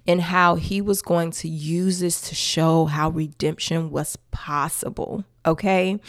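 Woman podcast host telling her faith story, low gravelly voice, emphatic and laughing a lot, dry close sound. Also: dry recording. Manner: expressive and emphatic, with church-style asides to listeners. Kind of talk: personal faith testimony, conversational.

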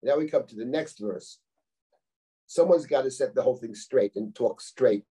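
A man's voice: medium pitch, moderate pace, warm tone, husky. A middle-aged man, a rabbi, teaching a live class on a biblical text, reading Hebrew verses and translating them in a conversational, explanatory way with rhetorical questions. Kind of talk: live text-study lecture.

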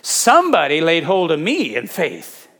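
A male pastor delivers a sermon with animated energy. His voice sits a little high and swings widely in pitch as he acts out scenes from the Bible. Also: unhurried, vocal fry.

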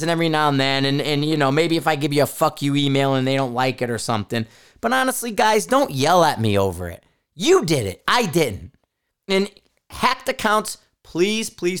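A man's voice: fairly high pitch, fairly bright tone, smooth. A man hosting a podcast, talking casually in a blunt, profane, rambling way with frequent restarts. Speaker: podcast host. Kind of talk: casual solo podcast rant.

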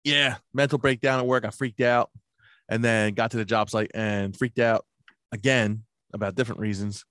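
A man's voice: on the low side, fairly even intonation, normal speed, fairly bright tone, smooth, no echo, studio quality. A man in casual chat, telling long profane stories about his workday and acting out what everyone said, laughing along. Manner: acts out both sides of remembered conversations.

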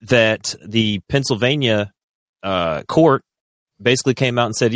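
A man co-hosting a podcast, talking in a casual, rambling, animated way with frequent restarts. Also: mid-range voice, a little slow, no room sound, clean studio sound. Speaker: podcast co-host.

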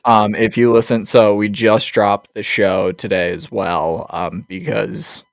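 A man's voice: fairly low pitch, flat delivery, unhurried, creaky, no echo, clean studio sound. Laid-back swearing male podcast host. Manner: loose and profane, laughs often. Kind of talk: casual chat.

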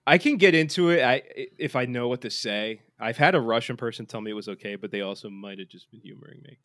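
A man's voice: mid-range voice, fast talker, a bit bright, no room sound, clean studio sound. A man co-hosting a podcast in casual sports chat, rambling with lots of fillers and restarts. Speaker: podcast co-host.

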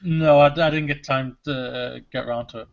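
A man's voice: mid-range voice, fairly even intonation, fairly quick, gravelly, over a noisy crowd. A man in a casual podcast chat, talking eagerly and repeating himself. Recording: dull lo-fi audio.

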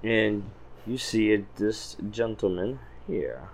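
A man's voice: fairly low pitch, expressive, takes it slowly, gravelly, darkish tone, a little hiss or hum. A man narrating a tabletop game as game master, in an easygoing manner.

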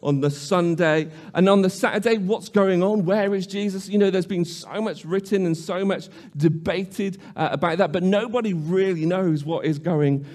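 A man preaching a sermon in a slightly higher-than-usual voice. He talks in an earnest, reflective way, often restarting his sentences and asking questions aloud. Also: normal speed, hardly any pauses, a little mellow.

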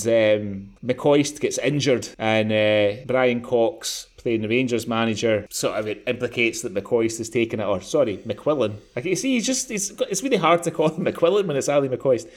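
A man's voice: mid-range voice, lively intonation, normal speed, hardly any pauses. A Scottish man co-hosting a podcast in casual chat. He rambles and corrects himself, breaking into laughter often, in a mid-range voice. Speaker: podcast co-host.

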